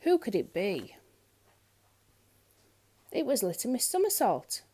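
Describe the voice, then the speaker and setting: A woman reading a children's picture book aloud in an expressive storyteller's manner. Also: fairly high pitch, slow, slightly rough. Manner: expressive, lilting.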